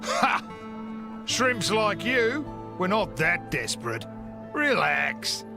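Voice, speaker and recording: A gruff, world-weary mercenary boss with a thick, exaggerated Australian twang, drawling slowly in a slightly raised voice. Music plays clearly behind him in the game mix. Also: male voice, sits high, very animated, full character voice. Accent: broad exaggerated Australian (Bogan). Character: gruff, blunt male mercenary captain, middle-aged.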